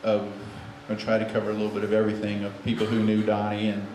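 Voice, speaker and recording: A man's voice: on the low side, monotone, fast, a little mellow. A man hosting a memorial gathering, leading an informal prayer and introducing speakers, with many fillers and restarts. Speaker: memorial service emcee. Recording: echoey room with faint noise.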